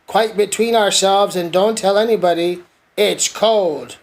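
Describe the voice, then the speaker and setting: A man's voice: high voice, measured pace. A man voicing a gloomy, self-pitying male donkey from a storybook, in a mournful, sarcastic way.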